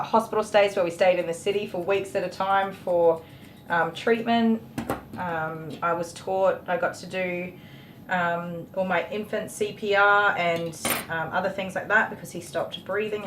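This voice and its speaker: A woman hosting a casual livestream and answering viewer questions in a chatty, openly emotional way, with frequent ums. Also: fairly bright tone. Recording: echoey room with faint rumble.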